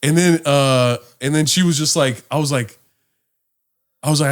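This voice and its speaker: A man co-hosting a podcast, telling a story in a relaxed, casual way, swearing often. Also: fairly high pitch, normal speed. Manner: relaxed, swears often, mimics his own past lines. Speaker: podcast co-host.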